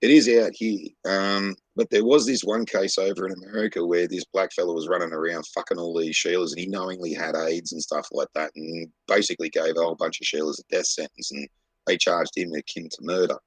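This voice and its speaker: A man's voice: low-pitched, fairly even intonation, brisk, husky, dry recording, rough recording. A man with an Australian accent co-hosting a podcast in casual chat, blunt, profane and rambling as he tells stories. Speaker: podcast co-host.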